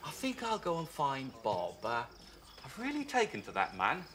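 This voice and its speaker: An actor playing a brash, needling former work rival who is loud, gloating and overly chummy. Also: male voice, a little high, wildly swooping pitch, moderate pace, slight background noise, full character voice. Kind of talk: 1980s TV sitcom acting.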